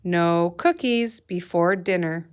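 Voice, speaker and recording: A woman's voice: fairly low pitch, slow pace, clean tone. A woman teacher leading a guided reading lesson for young children, patiently sounding out letters and words.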